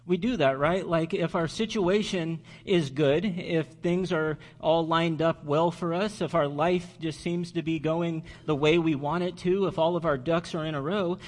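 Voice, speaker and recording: A man preaching a sermon as pastor, earnest and slowing down on key words for emphasis. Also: on the high side.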